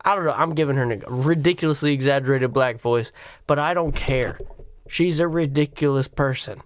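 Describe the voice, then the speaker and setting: A man hosting a solo podcast, ranting crudely and sarcastically, swinging from loud outbursts to quiet stretches. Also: mid-range voice, moderate pace, a little hiss or hum. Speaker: podcast host.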